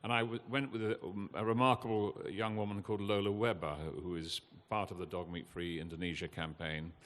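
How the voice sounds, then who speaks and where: An older man, giving an impassioned, earnest talk from a festival stage, halting with fillers now and then. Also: low-pitched, flat delivery, a bit bright. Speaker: guest speaker at a festival. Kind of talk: emotional public talk. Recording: long hall reverb.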